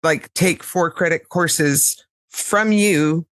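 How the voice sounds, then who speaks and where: A woman's voice: sits low, slow pace, dry recording. A woman podcast host interviewing a guest, a supportive listener who answers with short affirmations. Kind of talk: casual interview chat.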